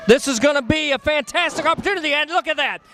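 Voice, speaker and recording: A man with a very high, bright and forceful voice calls a wrestling match move by move. He is excitable and quick to react to each hold and throw. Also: slight background noise. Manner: excitable, calls moves rapidly. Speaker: play-by-play wrestling announcer. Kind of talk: wrestling play-by-play.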